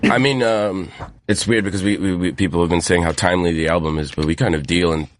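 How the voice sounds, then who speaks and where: A man with a deep bass voice, a musician guest speaking in a measured, thoughtful way in a casual radio interview. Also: steady tone, slight background noise.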